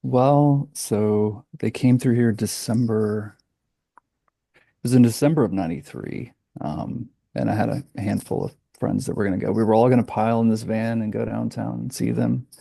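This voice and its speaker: A man's voice: lowish voice, moderate pace, creaky, no echo. A man in his forties from Alabama telling a personal story as an interview guest, acting out the lines he quotes. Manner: animated storyteller, acts out quotes. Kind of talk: casual storytelling.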